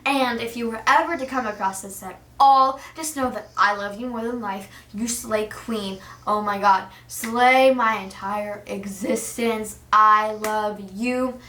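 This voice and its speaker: Giddy, bright-voiced young woman fan. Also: medium pitch, unhurried, hardly any pauses, echoey room, recorded from a distance. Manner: gushing, giddy, says "like" constantly. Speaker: vlogger. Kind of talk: excited fan chat to camera.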